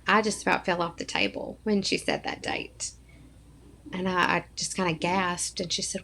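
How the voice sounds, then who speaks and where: Woman, thirties, from Arkansas, podcast guest, low voice, gravelly fry, earnest emotional storytelling. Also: steady tone, moderate pace, fairly bright tone, slight background noise. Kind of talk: personal storytelling in a podcast interview.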